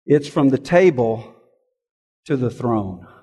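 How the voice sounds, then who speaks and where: A man's voice: mid-range voice, lively intonation, takes it slowly, warm tone, breathy edge, big-room sound. A man, a pastor, preaching a sermon in an earnest, emphatic way, often asking rhetorical questions.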